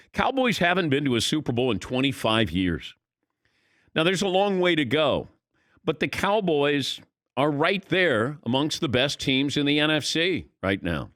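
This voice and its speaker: Animated man hosting sports radio. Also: mid-range voice, no echo, studio quality. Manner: animated, conversational, opinionated. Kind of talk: sports talk radio commentary.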